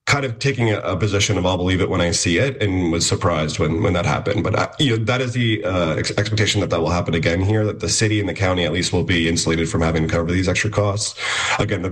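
A man's voice: deep voice, breathy edge. A man appearing as a reporter guest on a radio interview, explaining in an analytical way with many "you know" fillers and restarts.

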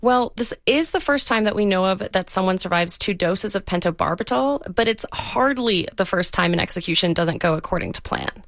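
A woman's voice: mid-range voice, normal speed, hardly any pauses, no echo. Woman correspondent, dry studio sound. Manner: even, factual reporting. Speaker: investigative correspondent. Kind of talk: studio news explainer.

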